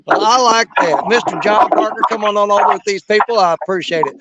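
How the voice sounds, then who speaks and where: A man's voice: sits high, fairly quick, few pauses, a loud crowd. A man hosting a casual livestream, greeting viewers by name in a folksy, drawling way. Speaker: livestream host. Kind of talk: casual livestream chat reading viewer comments.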